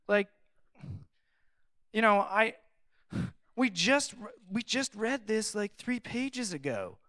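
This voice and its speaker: A young man preaching in a relaxed, chatty way, reading scripture and then reacting to it with lively, sarcastic asides. His voice sits a little high and sounds smooth and resonant. The recording is dry and close, with no room echo. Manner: animated, conversational, sarcastic asides. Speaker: pastor. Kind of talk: casual sermon with Bible reading.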